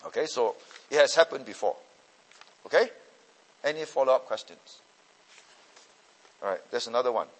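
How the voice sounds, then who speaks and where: In a session with students, a male pastor and Bible teacher responds to their questions, explaining carefully and regularly asking if they follow. His medium-pitched voice is expressive, moving at a normal pace with long pauses. Long hall reverb fills the recording.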